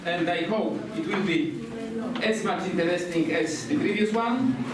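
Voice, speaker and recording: A man chairing a conference session, introducing the next speakers with a joking, slightly halting manner, caught by a distant mic in a lecture hall. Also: sits high. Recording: echoey hall from far off, loud crowd and noise.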